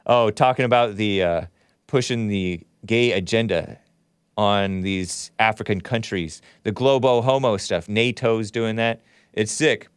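A man's voice: lowish voice, measured pace, clear, resonant tone, no room sound, clean studio sound. A man hosting a livestream show, reading viewer chats aloud and giving blunt, opinionated commentary as he thinks aloud.

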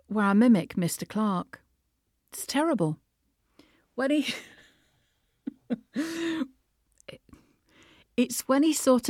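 A woman talking about her craft on her own podcast, lively and quick to laugh at herself. Her voice sits low for a woman, and it is recorded close and dry. She has the easy flow of a practised voice actor. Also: no room sound. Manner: animated and self-amused, laughing often. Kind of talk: reflective podcast monologue.

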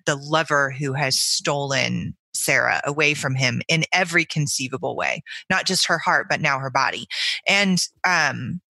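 A woman's voice: low-pitched, sharp tone, dry recording. A woman co-hosting a book podcast, giving thoughtful, analytical readings and building long arguments. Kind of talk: casual literary discussion.

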